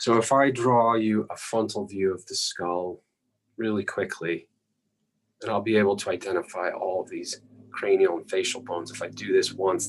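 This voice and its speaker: A man with a very low voice teaches anatomy in a plain, patient way, sketching as he goes and clearing his throat now and then. A faint hiss sits under the recording. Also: fairly even intonation, a little slow, long pauses, rough recording. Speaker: anatomy lecturer. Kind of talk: recorded lecture while drawing.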